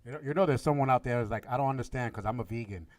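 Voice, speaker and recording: A man's voice: medium pitch, racing, no room sound, recorded from a distance. A man making a wry interjection as co-host in a talk show.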